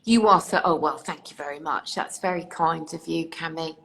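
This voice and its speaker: A woman's voice: sits low, normal speed, vocal fry, fairly bright tone. A British woman from near London hosting a live online interview, reassuring and chatty, thanking viewers by name. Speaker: host.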